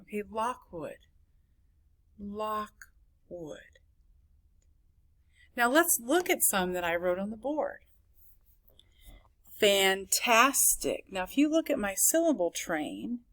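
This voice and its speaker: A woman teaching a phonics lesson to a class, sounding out words syllable by syllable. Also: mid-range voice. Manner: slow, clapping out words syllable by syllable.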